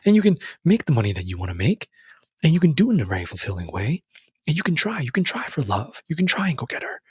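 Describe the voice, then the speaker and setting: Young man, podcast host, husky tone, fairly high voice, casual earnest pep talk, calls the listener brother. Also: sing-song, fast talker, a little mellow, no room sound, clean studio sound. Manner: casual and earnest, calls listener brother and bro, pitch jumps when emphatic. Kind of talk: motivational monologue.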